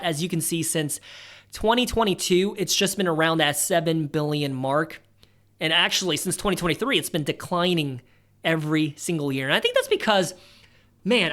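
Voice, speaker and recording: A man in his thirties hosting a casual stock-analysis tutorial, chatty and animated, dropping jokey asides as he walks through the numbers. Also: fairly high pitch. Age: 30s. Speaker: investing channel host.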